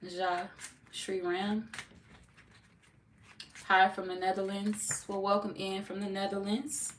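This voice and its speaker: A woman's voice: medium pitch, flat delivery, takes it slowly. A woman from Missouri hosting a tarot livestream, chatting casually with viewers. She is blunt and playful, swears freely and laughs often. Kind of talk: casual livestream chat reading viewer comments. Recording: echoey room, far from mic, noisy.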